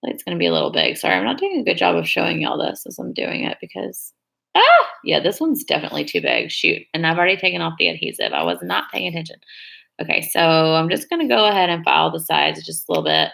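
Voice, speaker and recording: Chatty woman, bright gravelly voice. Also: low voice, wildly swooping pitch, quick pace. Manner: rambling, chatty, hedges a lot. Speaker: beauty vlogger on a live stream. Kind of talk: casual chat while doing her nails.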